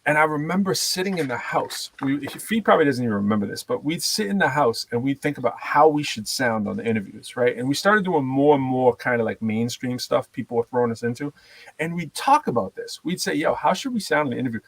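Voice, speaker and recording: A man hosting a casual chat, telling lively stories, laughing often and acting out voices. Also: mid-range voice, brisk, no echo, rough recording. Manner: animated storyteller, laughs often, acts out voices. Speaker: host.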